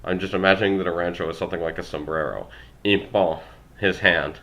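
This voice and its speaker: Low-voiced young guy reading a language book out loud, self-deprecating, tripping over words. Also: fairly even intonation, a little fast. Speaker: language learner vlogger. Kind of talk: reading a textbook aloud with asides.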